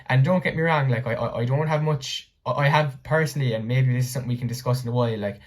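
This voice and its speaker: Host: Irish man, mid-pitched voice, loose conversational delivery with lots of fillers. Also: fast talker. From Ireland. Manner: chatty, many fillers like "like" and "you know". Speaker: podcast host. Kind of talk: casual interview talk.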